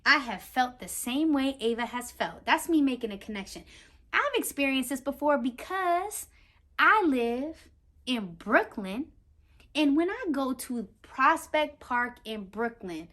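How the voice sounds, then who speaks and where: A woman reading a picture book aloud to young children as their teacher, animated and talking straight to her listeners with questions. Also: high-pitched, measured pace. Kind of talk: children's read-aloud lesson.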